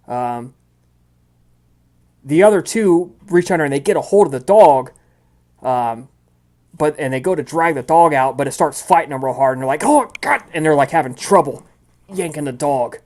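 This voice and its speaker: A man's voice: medium pitch, a little mellow. A man narrating as game master of a tabletop role-playing game, loose and chatty with many fillers.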